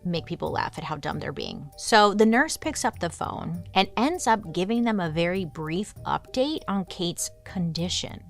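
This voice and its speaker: A woman's voice: lowish voice, expressive, moderate pace, hardly any pauses, soft background music. A woman podcast host telling a true crime story in a chatty, casual way full of "like" fillers.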